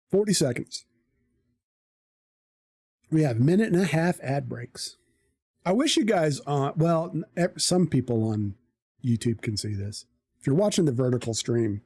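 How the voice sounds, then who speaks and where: Live streamer, dark mellow voice, casual story, lots of swearing. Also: mid-range voice, a little slow, long pauses, breathy edge, no echo, clean studio sound. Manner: profane, animated storyteller.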